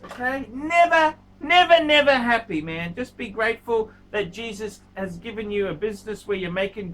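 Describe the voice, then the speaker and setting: A man talks straight to the camera as the host of a watch review channel, blunt and scolding, and he repeats his points over and over. His voice sits high and bright with a hard edge. A faint hiss runs underneath. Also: poor audio. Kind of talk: casual video review monologue.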